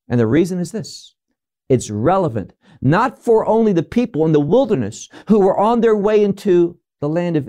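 A man's voice: a little high, warm tone. A man preaching a sermon, teaching through scripture verse by verse and asking rhetorical questions.

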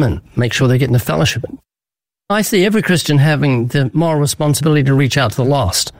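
A man with a fairly high voice speaks in an earnest, preaching manner, driving his points home with emphatic storytelling. The sound is dry and close, with no room around it. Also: no echo. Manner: emphatic, vivid storytelling with acted-out quotes. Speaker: guest evangelist. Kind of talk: earnest preaching-style interview answers.

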